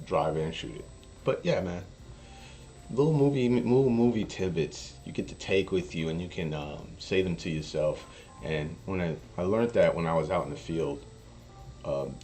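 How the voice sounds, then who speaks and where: A man streaming poker and chatting casually, an animated storyteller who acts out quotes. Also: sits low. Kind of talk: casual chat while streaming. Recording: faint music behind. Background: faint music.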